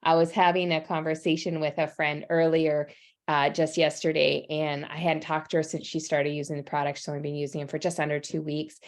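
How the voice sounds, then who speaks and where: A woman speaking as a holistic nutritionist in casual chat, enthusiastic and earnest, slowing down to explain details. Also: sits low, flat delivery. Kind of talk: casual chat on a live stream.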